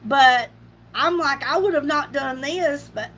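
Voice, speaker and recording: A middle-aged woman hosts a casual makeup livestream in a high-pitched, slightly slow, somewhat bright voice. She laughs often and greets viewers by name, with a little hiss or hum in the background.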